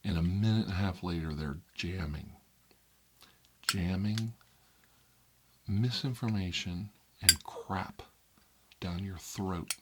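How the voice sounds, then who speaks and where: A man hosting an ASMR video, talking in a wry, conversational way that drifts between soft whispers and emphatic bursts. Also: deep voice, slow pace, pauses often, background noise. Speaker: ASMR channel host. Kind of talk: soft-spoken ASMR rant about news media.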